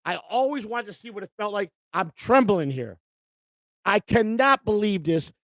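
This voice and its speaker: A man's voice: high voice, lively intonation, normal speed, a bit bright, dry recording. A man hosting a live stream in casual chat, overjoyed and near tears, talking emotionally with lots of stammering and repeated words.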